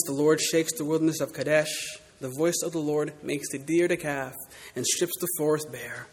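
Man, pastor, sermon, dramatic, husky, fairly high voice. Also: fairly even intonation, normal speed, big-room sound. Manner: dramatic, shifts from loud to hushed. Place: church.

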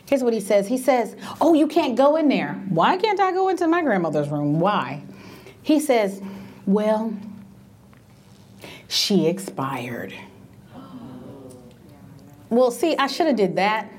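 A woman's voice: on the high side, very animated, normal speed, a little mellow. A middle-aged woman telling stories about grief and end-of-life care, emphatic and acting out the voices she quotes. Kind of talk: animated storytelling talk.

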